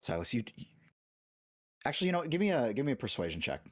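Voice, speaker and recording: A man acting as dungeon master, narrating scenes and calling for dice rolls in a calm, plain way. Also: medium pitch, quick pace. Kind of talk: running a tabletop game.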